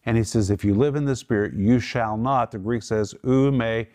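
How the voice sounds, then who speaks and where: A man's voice: fairly low pitch, fairly quick, a little mellow. A middle-aged man teaching from the Bible on a television program, emphatic and explaining Greek words step by step.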